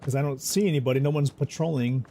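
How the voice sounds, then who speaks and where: A man's voice: mid-range voice, fairly even intonation, fast, dark tone, slight background noise. Rambling male game streamer. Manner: rambling, self-correcting, easygoing. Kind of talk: casual gameplay commentary. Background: game music.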